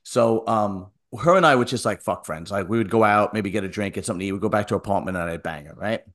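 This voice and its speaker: A man's voice: fairly low pitch, fast, fairly bright tone. A man telling a rambling crude story in casual chat, checking in with "right?" as he goes.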